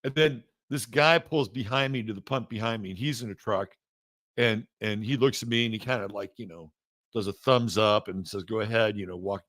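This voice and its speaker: A man hosting an astrology show, talking casually in a halting way with many fillers and restarts. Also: fairly low pitch, fairly bright tone, no room sound. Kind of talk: casual spoken monologue.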